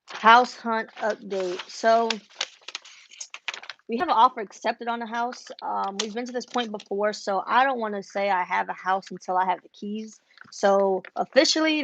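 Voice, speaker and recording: A woman's voice: medium pitch, creaky, dull audio, a little hiss or hum. A young woman livestreaming from her home craft room, chatting casually with viewers and greeting them by name as she works. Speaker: embroidery business owner livestreaming. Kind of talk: casual livestream chat while working. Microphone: wireless earbuds.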